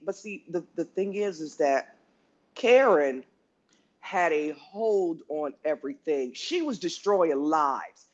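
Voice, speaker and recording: A woman telling workplace stories in a casual, animated way, often restarting sentences and acting out what people said. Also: fairly low pitch, takes it slowly. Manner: animated, with many restarts and acted-out quotes. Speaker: guest speaker. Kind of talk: casual storytelling. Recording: lo-fi online audio room.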